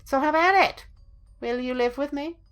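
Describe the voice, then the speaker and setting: A woman's voice: high-pitched, moderate pace, voice pushed up, natural voice. A woman voicing a menacing young man with a knife, reading his game lines aloud in a coaxing, taunting way.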